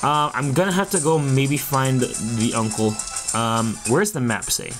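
A man's voice: mid-range voice, a little slow, soft background music. A man giving casual, giggly commentary while playing through a video game and reading its dialogue aloud. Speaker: let's play gamer.

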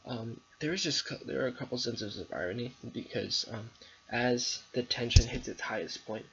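A man's voice: mid-range voice, normal speed, gravelly, fairly bright tone. A young male student giving a hesitant spoken analysis of a poem, with many ums and restarts. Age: young adult. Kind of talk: recorded literary analysis presentation. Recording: dull lo-fi recording with faint background noise.

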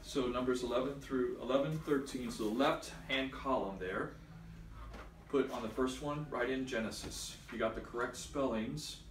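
A man's voice: mid-range voice, moderate pace, slight background noise. A man teaching a church confirmation class, patiently explaining and quizzing his students. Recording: echoey room from far off.

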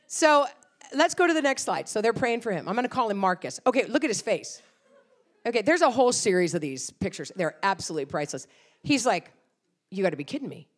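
A middle-aged woman, appearing as a guest speaker, preaches a sermon full of animated stories and acted-out quotes. Her voice is fairly high and a little fast.

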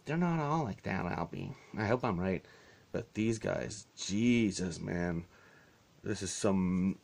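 A man's voice: low voice, lively intonation, slow, creaky, a little mellow. A man telling a story in a casual vlog, exasperated and sarcastic, swearing freely. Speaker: vlogger.

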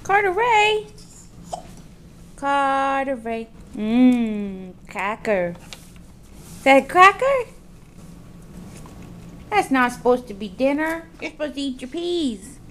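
A woman's voice: high-pitched, big pitch swings, slow, long pauses, fairly bright tone, a little hiss or hum. A woman filming her toddler at dinner with a handheld camera, coaxing him in playful, sing-song baby talk.

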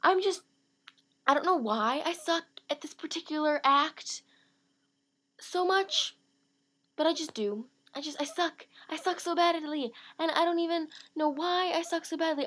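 A teenage girl vlogging in a casual, rambling, self-mocking way, talking in quick bursts. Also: high voice, animated. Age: late teens. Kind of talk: casual vlog monologue.

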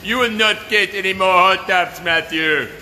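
A man doing a comic impression of a gruff, menacing action-film strongman with a put-on Austrian-German accent, in a slow, heavy, threatening delivery. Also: high voice, pushed and bright, long reverb tail, faint music behind, full character voice.

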